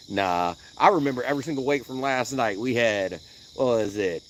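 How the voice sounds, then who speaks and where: Man, livestream host, laid-back slangy banter, lively pitch, faint crickets at night. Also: moderate pace, slight background noise. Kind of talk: casual live-stream chat. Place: riverbank at night, outdoors.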